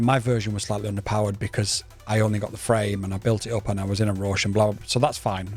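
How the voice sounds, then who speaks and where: A man's voice: mid-range voice, a little mellow. Rambling, enthusiastic man. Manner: rambling and enthusiastic, with restarts and stutters. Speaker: drone reviewer. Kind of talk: casual video review.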